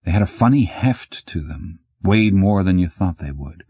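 A man narrates a novel in a steady, even way. His voice is very low, dark and husky. The recording is dry and dull, with a lo-fi sound. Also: normal speed, dry recording. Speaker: audiobook narrator. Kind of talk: scripted narration.

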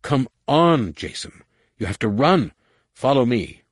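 A man's voice: medium pitch, sing-song, unhurried, no echo, clean studio sound, voice pushed up. A man voicing an eager young man who keeps urging his older brother to follow him. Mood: urgent coaxing. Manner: urgent, coaxing.

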